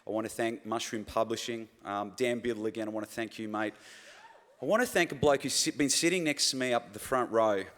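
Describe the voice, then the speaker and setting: A man's voice: mid-range voice, brisk, a bit bright. An Australian man giving an emotional acceptance speech at an awards show, stumbling over his words and repeating himself as he thanks people. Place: large awards hall with live audience. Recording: long hall reverb, faint crowd.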